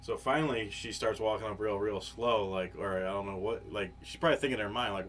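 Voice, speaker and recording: A man tells a story in loose, profane podcast chat, stacking fillers and restarts. His voice sits fairly low. A faint background noise runs under the talk. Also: a little fast, a bit bright. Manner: rambling, profane, lots of fillers. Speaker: podcast co-host.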